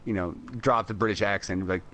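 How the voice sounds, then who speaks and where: A man's voice: fairly low pitch, steady tone, quick pace, sharp tone. American man co-hosting, rambling casual chat. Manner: rambling, lots of "like" and "you know", frequent laughs. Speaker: podcast co-host.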